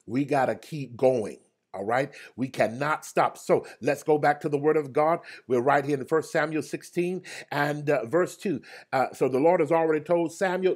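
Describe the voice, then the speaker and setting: A man preaching a livestreamed Bible study. He repeats his phrases and calls out to his viewers by name, and his voice swings from loud cries to hushed murmurs. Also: a little high, normal speed. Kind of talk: livestreamed sermon.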